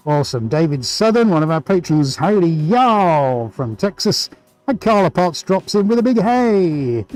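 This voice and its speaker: A man's voice: sits high, lively intonation, moderate pace, darkish tone, soft background music, low-quality recording. A man hosting a live painting stream, chatting energetically and greeting viewers by name. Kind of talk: casual live-stream chat while painting.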